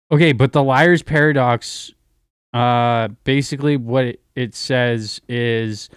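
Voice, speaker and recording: Young guy on a stream cussing and rambling, slow unhurried delivery, dry close sound. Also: mid-range voice, smooth, dry recording. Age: young adult. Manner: profane, rambling, distracted while browsing. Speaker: livestream host. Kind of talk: casual livestream rant.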